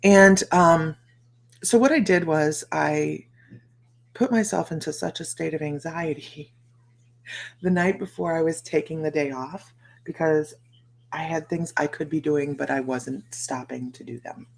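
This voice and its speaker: A woman's voice: low-pitched, a little slow, vocal fry. A middle-aged American woman hosting a psychic livestream, chatting in a rambling way and greeting viewers by name. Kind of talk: casual livestream chat.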